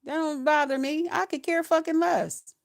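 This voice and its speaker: Blunt profane woman in her fifties, high voice. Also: steady tone, moderate pace, creaky. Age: 50s. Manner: blunt, profane, chanting repeated phrases. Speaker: retired nurse, YouTuber. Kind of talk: profane ranting vlog.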